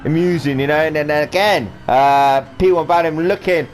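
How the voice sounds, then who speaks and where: Pitched fairly high and speaking at a normal pace, a man drives in a sim race while giving it rambling, jokey live commentary, putting on silly voices for the drivers. Soft background music plays alongside a faint hum of game sound.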